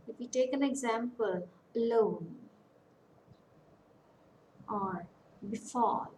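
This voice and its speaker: Slow, hesitant Indian English woman teacher. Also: medium pitch, a little mellow, low-quality recording. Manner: slow, deliberate, with many hesitations and fillers. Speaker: academic counsellor. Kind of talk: lecture on English phonetics. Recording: faint background noise.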